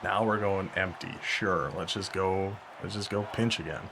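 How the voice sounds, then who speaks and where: Gaming YouTuber, male, lower voice, running self-commentary over gameplay with a faint hiss of noise. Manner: talks to himself while playing, quick bursts of excitement and frustration.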